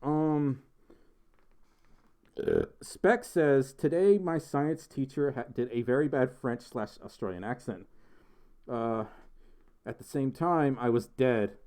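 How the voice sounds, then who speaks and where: A man's voice: medium pitch, takes it slowly, pauses often, a little mellow, clean tone. A man with a slight Southern accent from Mississippi, chatting casually on a livestream and reading out chat comments, rambling and self-deprecating with lots of fillers. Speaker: livestream host.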